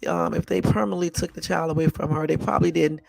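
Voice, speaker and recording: A woman's voice: low-pitched, fairly even intonation, fast talker, creaky, darkish tone, dry recording. A woman hosting a live stream, reacting bluntly and with exasperation to news clips, repeating herself and swearing casually. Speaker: channel host.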